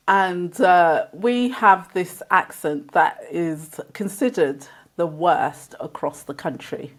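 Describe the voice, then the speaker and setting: A woman's voice: lowish voice, slow pace. A woman from England with an accent between London and Birmingham, a guest chatting casually and laughing often as she tells stories. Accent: between London and Birmingham English. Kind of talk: casual conversation.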